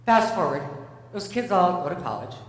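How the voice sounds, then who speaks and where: A middle-aged woman delivers a funny motivational keynote, teasing herself and acting out little scenes. Her voice booms around a cavernous hall with a long echo, caught from well back on the mic over a faint hum. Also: big pitch swings, normal speed, far from the mic. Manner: playful, self-mocking storytelling with acted-out dialogue. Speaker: keynote speaker. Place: large conference hall.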